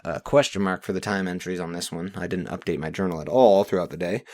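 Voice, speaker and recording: A man's voice: deep voice, fast, few pauses. A young man recapping his week from a journal in a rambling, profane monologue that swings into rants. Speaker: vlogger reading his journal.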